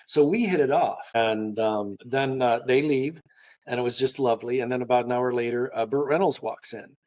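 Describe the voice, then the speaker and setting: Man telling lively anecdotes, slightly muffled. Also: mid-range voice, moderate pace. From Florida. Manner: lively storyteller. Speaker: guest, art historian. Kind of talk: conversational anecdotes.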